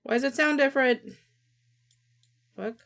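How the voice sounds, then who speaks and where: A woman streamer chatting casually to herself, muttering, swearing often and reading script lines quickly. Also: high-pitched, fairly bright tone.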